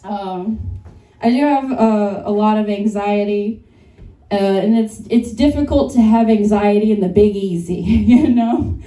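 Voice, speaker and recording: A woman's voice: medium pitch, measured pace, mellow. A young woman doing a stand-up comedy set, self-deprecating and often laughing at her own jokes. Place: comedy bar stage. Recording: echoey club sound from a distance.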